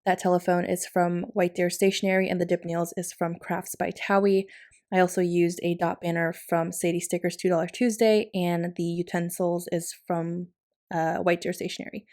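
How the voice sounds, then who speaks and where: Chatty woman with a lowish voice. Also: flat delivery, normal speed. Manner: chatty, warm-hearted, with frequent laughs. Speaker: planner vlogger. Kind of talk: casual voiceover narration. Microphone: recorded voiceover.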